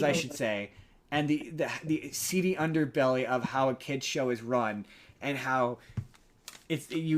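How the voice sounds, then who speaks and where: This podcast host is a young man whose voice sits on the high side, with slight background noise in the recording. His movie plot recap wanders, full of restarts and filler words.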